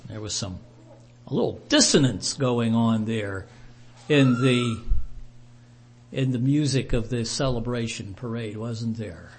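A man's voice: medium pitch, unhurried, pauses often, slight background noise. A man teaching a Bible study, retelling the passage in a conversational way with asides to his group.

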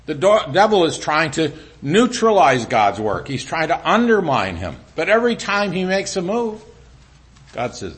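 A middle-aged man preaching a sermon in an animated way, dropping to a hushed voice when he speaks as God. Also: on the high side, normal speed. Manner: animated preaching, drops to a quiet voice for God's lines. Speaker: pastor.

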